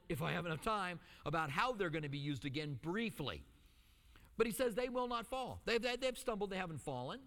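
A middle-aged male pastor preaching a sermon, telling stories with lively asides and acting out the quotes. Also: high voice, big-room sound. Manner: animated storytelling with acted-out quotes and asides.

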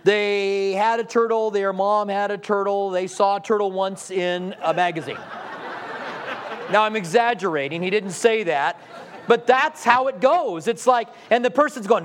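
Male pastor with a high voice, preaching in a chatty style, full of rhetorical questions. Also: normal speed. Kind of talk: sermon.

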